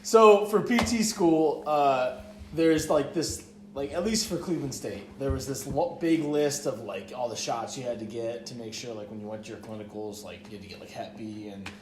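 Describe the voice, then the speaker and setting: A man's voice: medium pitch, normal speed, background noise. Young man rambling through a story. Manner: rambling, profane, heavy use of "like". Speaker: podcast co-host. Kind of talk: casual storytelling chat. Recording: echoey room.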